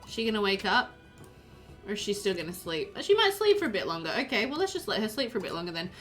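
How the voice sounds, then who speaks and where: A woman's voice: mid-range voice, big pitch swings, fast talker, fairly bright tone, faint music behind. A woman streaming a life-sim game live, chatting loosely, laughing often and reading out her chat as she plays.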